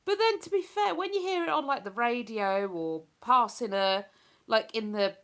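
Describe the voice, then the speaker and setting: Bright-voiced chatty woman. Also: fairly high pitch, expressive, moderate pace. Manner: chatty and rambling, laughs often. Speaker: live streamer reading chat. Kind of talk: casual live-stream chat.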